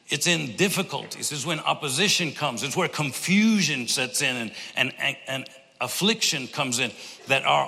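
A man's voice: fairly high pitch, gravelly, pushed and bright, big-room sound. A man preaching a sermon, impassioned, with many repetitions and restarts. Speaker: pastor.

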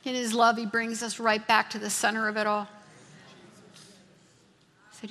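A woman with a high voice delivers a fervent sermon, driving her points home by repeating phrases. Her voice rings out with a long, lingering reverb, as in a big church sanctuary. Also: completely flat delivery, moderate pace, sharp tone. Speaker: preacher. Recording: long reverb of a large hall.

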